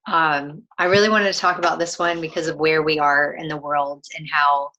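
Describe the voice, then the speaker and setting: A woman's voice: deep voice, fairly even intonation, moderate pace, bright, forceful tone, dull audio. A young woman on a video call, talking thoughtfully about a book in casual chat, with many fillers and restarts. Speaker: co-host of a book discussion.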